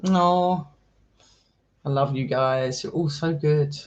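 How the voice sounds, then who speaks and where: A man who live streams and explores the paranormal chats casually with his viewers, affectionate and talkative, calling people darling and sweetheart. His voice is a little high and his pace slow, captured in lo-fi sound.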